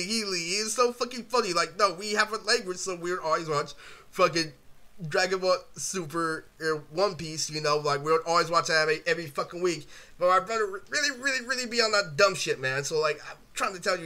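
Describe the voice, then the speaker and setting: A young man telling rambling, profane stories in a casual vlog rant, full of filler words and swearing. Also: high voice. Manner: animated, breaks into laughter and quoted impressions. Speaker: vlogger.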